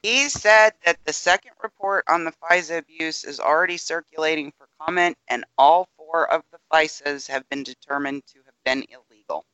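Male podcast co-host, higher voice, very bright and smooth, measured explainer, dry dull recording. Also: no echo. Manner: measured, explanatory, hedging with ums. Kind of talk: casual political chat.

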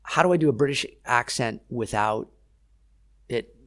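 A man, an actor being interviewed, telling lively behind-the-scenes stories and acting out what people said. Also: mid-range voice, moderate pace. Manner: animated storyteller, acts out quotes. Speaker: actor guest. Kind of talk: casual interview chat.

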